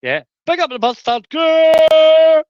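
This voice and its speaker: A man's voice: medium pitch, very animated, slow, no echo, lo-fi sound. A man ranting on a livestream, rambling and conspiratorial, with crude language.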